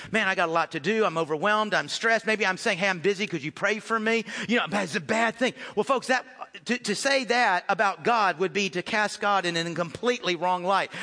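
Bright-voiced male pastor preaching in a hall. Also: sits high. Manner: conversational preaching, swings from loud to hushed. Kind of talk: sermon.

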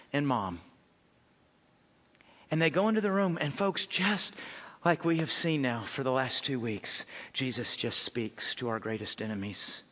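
An American man preaching a sermon as pastor, conversational and animated, calling his congregation folks. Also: high-pitched, in a large hall.

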